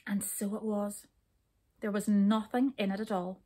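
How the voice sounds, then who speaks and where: Husky-voiced woman reading a storybook. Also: medium pitch, unhurried. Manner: expressive read-aloud narration.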